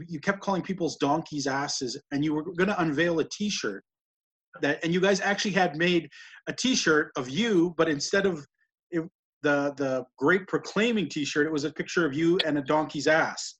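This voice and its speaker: A male interview host asks rambling, admiring questions, often restarting his sentences. His voice sits fairly high and has a husky, breathy texture. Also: normal speed, a bit bright. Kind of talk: casual interview talk.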